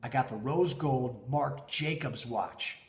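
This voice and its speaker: A man in his thirties, a leadership coach, telling a motivational story to camera with big swings in pitch and loudness. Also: takes it slowly. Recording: echoey room.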